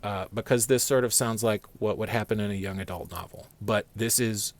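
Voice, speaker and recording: A man telling a personal story in a casual, rambling way, calm and profane. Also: fairly low pitch, a little fast, no room sound.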